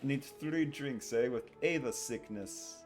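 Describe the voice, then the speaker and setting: Here a male streamer slowly drawls in a put-on British accent, hamming it up as a merry, tipsy bloke while he plays a game and laughs freely. The mood is jovial. His mid-range voice is a little mellow and close to everyday speech, with music faintly audible behind him.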